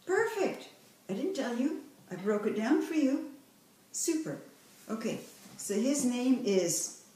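A woman's voice: a little high, very animated, slow pace, dark tone. A woman tutoring a young reader one-on-one, patient and full of praise and encouragement. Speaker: reading tutor. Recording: echoey room, voice from far off.

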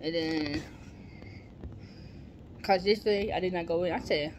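A woman chatting casually in a daily vlog, animated and exclaiming, stretching out her words. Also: lowish voice, a little slow, pauses often, muffled recording, slight background noise. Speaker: vlogger.

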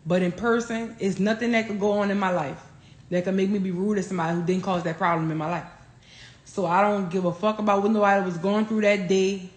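A woman, telling stories on a phone livestream in a profane, animated way. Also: on the low side. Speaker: livestream host. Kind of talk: casual livestream rant. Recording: roomy echo.

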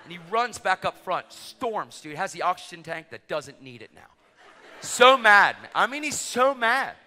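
Male preacher, middle-aged, high voice, very bright and sharp, excitable storytelling, long hall reverb. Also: normal speed. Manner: excitable, acts out dialogue, rising to shouts. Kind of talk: sermon storytelling.

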